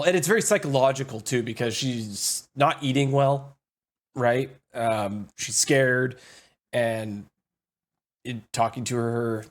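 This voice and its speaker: A man hosting a podcast, chatting in an easygoing, enthusiastic way. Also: mid-range voice. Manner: easygoing, enthusiastic about books. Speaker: podcast host. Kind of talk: casual podcast chat.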